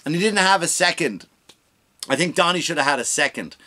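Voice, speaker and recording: A man's voice: on the high side, a little fast. Ranting male comedy podcast host. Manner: animated, swears freely, acts out quoted voices. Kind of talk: comedic rant.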